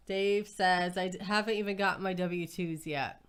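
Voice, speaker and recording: Young adult female co-host reading chat aloud, low-pitched, smooth and clear. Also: fairly even intonation. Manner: reads out viewer comments with quick asides. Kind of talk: casual live-stream chat.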